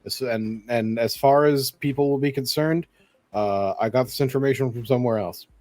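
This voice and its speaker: Male player, calm and measured, mid pitch, dry close sound. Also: dry recording. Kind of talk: in-character tabletop play.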